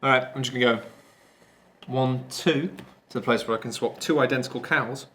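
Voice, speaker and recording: A man's voice: medium pitch, a little fast, fairly bright tone, a little hiss or hum. A man in casual, jokey chat while playing a board game, with sing-song asides.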